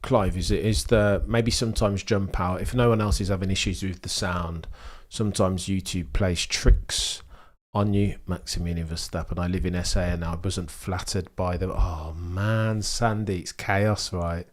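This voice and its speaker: A young British man hosting a live sports watchalong, chatting with viewers and reacting to the race in a rambling, excitable way. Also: low-pitched, normal speed. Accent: British English. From England. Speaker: livestream host. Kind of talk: live sports watchalong commentary, reading chat.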